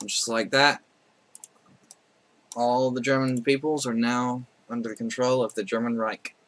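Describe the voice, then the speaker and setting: Male let's-play host, bright, rambling commentary over a strategy game, frequent self-corrections. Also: medium pitch, flat delivery, a little slow.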